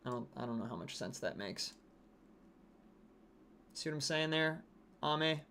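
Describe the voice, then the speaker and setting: Guy on a game stream chatting w/ his viewers, kinda higher voice, talks about skins. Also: expressive, unhurried, bright, forceful tone, a little hiss or hum. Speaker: livestream host. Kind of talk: casual chat reading viewer comments.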